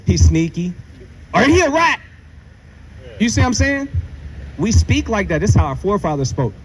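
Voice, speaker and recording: A man teaching the Bible in a street style, animated and slangy, asking rhetorical questions. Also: sits high, brisk, slight background noise.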